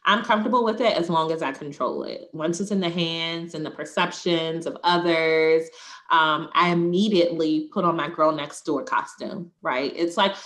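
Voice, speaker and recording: A woman's voice: fairly low pitch, moderate pace, a bit bright. A woman co-hosting a podcast, talking candidly and reflectively, often laughing. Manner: reflective, laughs often, acts out quoted voices. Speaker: podcast co-host. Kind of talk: candid conversational chat.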